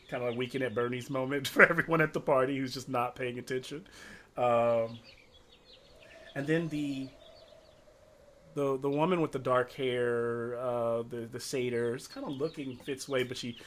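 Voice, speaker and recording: A man's voice: medium pitch, fairly even intonation, unhurried, pauses often. A man narrating as game master of a tabletop game, rambling with lots of fillers.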